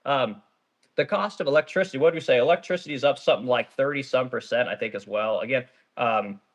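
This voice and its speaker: A fast-talking middle-aged man from Oregon, owner of a small business, has a mid-range voice. He reads viewer comments on a casual livestream and rants about them bluntly, with plenty of swearing.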